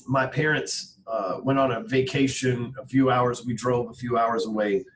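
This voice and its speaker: A man's voice: mid-range voice, fairly even intonation, normal speed, recorded from a distance, background noise. A man from Texas, a podcast guest, telling motivational stories in a blunt, profane, casual way, often tagging on "right?" and "man".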